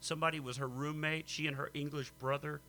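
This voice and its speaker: Teasing gravelly-voiced man. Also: on the high side, level tone, fast, bright, forceful tone, slight background noise. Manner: teasing, dry, wisecracking. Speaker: podcast co-host. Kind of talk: casual chat.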